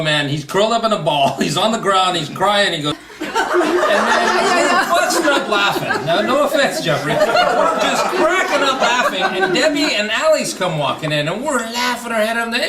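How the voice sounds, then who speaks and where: A man with a fairly high, lively voice tells a story and acts out what people said. A loud crowd chatters in an echoey room, and the camera is far off. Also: moderate pace, very noisy. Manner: laughing, mimics others in quotes. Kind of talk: casual storytelling. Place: home party room.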